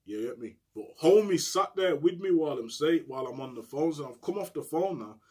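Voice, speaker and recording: A man telling a story to camera in heavy street slang, animated and often checking in with "you get me". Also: a little high, a little fast, breathy edge. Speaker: storyteller recounting prison life.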